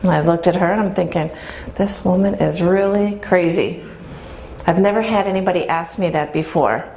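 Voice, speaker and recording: A woman's voice: on the low side, moderate pace, a little hiss or hum. Woman telling a story to an audience. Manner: lively storyteller, quotes herself and others, asks the audience questions. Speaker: speaker telling her story. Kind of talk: storytelling talk to a live audience. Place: event room with an audience.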